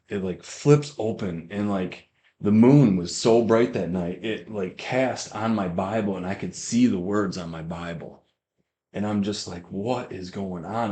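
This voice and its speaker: On a podcast, a young male guest gives his personal testimony of faith in a fairly low, darkish voice. He rambles, trips over his words and keeps restarting his sentences as he goes.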